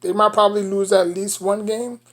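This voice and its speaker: A woman's voice: medium pitch, little pitch movement, normal speed. A woman with a New York accent giving casual basketball commentary as a sports vlogger, rambling and leaning on "you know" between thoughts.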